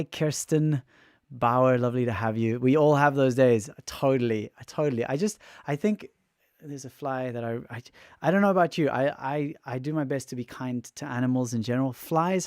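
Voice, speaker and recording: Worn out and emotional, a man who livestreams and makes music talks candidly in a casual stream chat, rambling and restarting his sentences through a raw throat. His voice is mid-range with a darkish tone, and the recording is dry and studio-clean.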